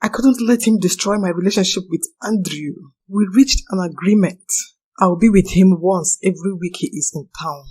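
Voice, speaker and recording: A woman's voice: fairly low pitch, moderate pace, a little mellow, husky. A young woman narrating a personal confession in an earnest, anxious manner.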